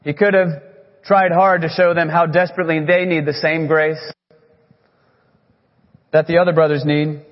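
A man preaching a sermon as a pastor, earnest, leaning on key words with slow, emphatic phrasing. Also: a little high, flat delivery. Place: church sanctuary. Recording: echoey hall, muffled sound.

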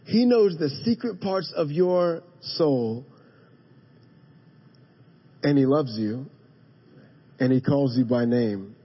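A male pastor preaching a sermon in a church, moving from hushed emphasis to emphatic calls to his congregation. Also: medium pitch, lively intonation, takes it slowly, pauses often, breathy edge, muffled recording. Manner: dynamic preaching, drops to a hush then rises to emphatic calls; addresses the congregation directly. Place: church sanctuary.

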